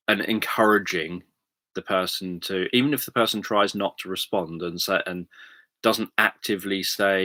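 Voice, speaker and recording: Man, low pitch, crisp bright tone, rambling livestream chat, many fillers. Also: fairly even intonation, moderate pace, no echo. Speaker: hypnotherapist answering viewer questions. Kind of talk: casual livestream talk.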